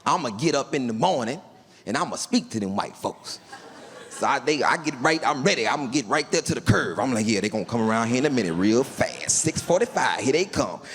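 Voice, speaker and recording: A man's voice: mid-range voice, a little fast. A man performing stand-up comedy, telling a long story and acting out the people in it. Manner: animated storytelling with voiced quotes. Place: large theater stage before a live audience. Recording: live hall with reverb and faint room noise.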